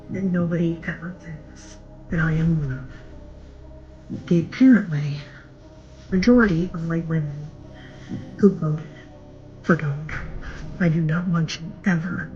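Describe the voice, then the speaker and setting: A woman speaking sarcastically and deliberately in a social media video. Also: low voice, warm tone, lo-fi sound.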